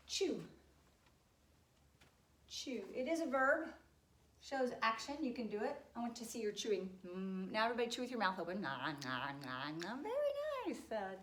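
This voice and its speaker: A woman teaching children a spelling lesson, cheerful and encouraging, spelling words out slowly. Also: fairly high pitch, roomy sound, a little hiss or hum.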